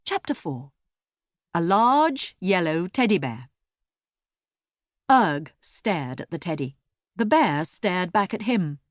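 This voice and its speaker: A woman narrating a children's storybook in an expressive, lively way, recorded close on a studio mic. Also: lowish voice, slow pace, long pauses, no room sound. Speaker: audiobook narrator.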